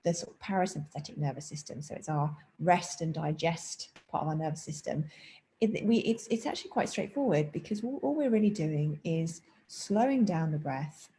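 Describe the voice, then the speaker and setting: Mellow-voiced woman teaching breathwork. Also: low-pitched, expressive, normal speed, rough recording. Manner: chatty and explanatory, breaking off for asides to her cat. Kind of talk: casual spoken class introduction. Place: at home indoors, rain outside.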